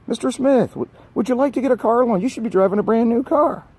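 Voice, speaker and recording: A man's voice: very high-pitched, fast talker, warm tone, husky, pitched above the performer's own voice. A man putting on the voice of a pushy bank clerk who is selling car loans in an overly polite, salesy way. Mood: wheedling.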